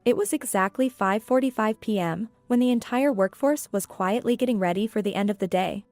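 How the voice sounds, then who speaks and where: A woman reading scripted story narration in an even, steady way. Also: mid-range voice, fairly quick, no room sound. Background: faint background music.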